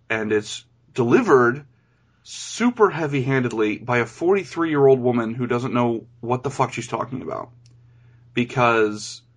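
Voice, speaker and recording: A man's voice: medium pitch, fairly bright tone, slightly rough. A man co-hosting a casual movie review chat, blunt and profane, ranting his points with plenty of swearing.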